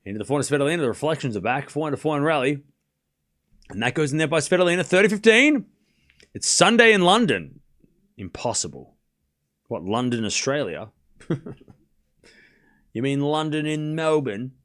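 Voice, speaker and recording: Man on a watchalong stream, animated tennis play-by-play with chat asides, slightly higher voice. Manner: quick play-by-play, chatting with viewers between points. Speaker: streamer doing live tennis commentary. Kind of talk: live watchalong commentary and chat reading.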